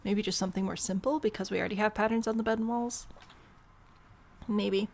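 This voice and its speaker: A woman's voice: mid-range voice, fairly even intonation, brisk, vocal fry, long pauses, a little mellow. A young woman giving casual, rambling gameplay commentary, thinking aloud and poking fun at herself. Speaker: gameplay host.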